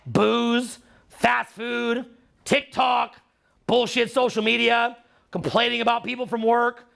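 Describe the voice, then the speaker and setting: A man's voice: extremely high pitch, flat delivery, slow pace, gravelly, fairly bright tone. A middle-aged Canadian man with a Canadian accent giving a live seminar talk, profane and teasing. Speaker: seminar speaker.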